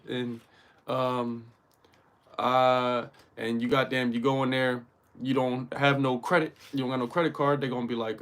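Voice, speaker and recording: A man's voice: medium pitch, quick pace. A man hosts a casual motivational livestream, talking straight to his viewers. His speech is loose, slangy and full of swearing. He keeps checking that his listeners are following along. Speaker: host.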